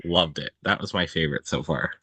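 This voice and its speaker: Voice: extremely low pitch, a little fast, pushed and bright, slightly rough, no room sound. A person chatting on a video call in an enthusiastic, giggly way. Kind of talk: casual video call chat.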